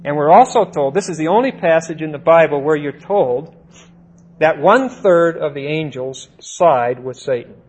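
A man teaching the Bible verse by verse, deliberate, stressing single words and checking in with "see?" and "okay?". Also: fairly high pitch, animated, a little mellow, slightly rough, rough recording.

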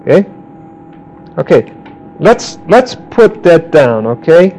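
A man teaching a Bible class, questioning his students and calling on them by name, slowing down to quote verses. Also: on the high side, sing-song, darkish tone, poor audio. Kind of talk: interactive Bible class lecture.

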